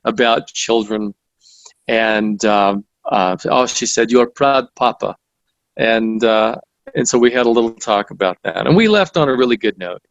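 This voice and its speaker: A man's voice: fairly low pitch, moderate pace, vocal fry, dry recording, lo-fi sound. A man, the guest author, recounting stories in conversational interview style, with frequent restarts and fillers. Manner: storytelling with many restarts and fillers.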